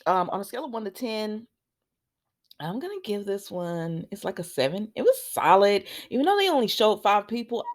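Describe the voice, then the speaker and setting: A woman's voice: mid-range voice, normal speed. A woman hosting a casual recap vlog of a soap opera, talking straight to her viewers and acting out what the characters said. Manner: animated storytelling, acts out the quoted lines; chatty and informal, talks straight to viewers.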